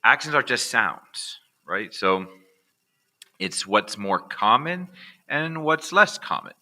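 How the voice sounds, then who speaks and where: An American man teaching accent reduction in a relaxed, conversational way, often checking in with "all right". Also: medium pitch, takes it slowly. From United States. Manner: casual, repeats "all right" as a check-in with viewers. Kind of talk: recorded online lesson.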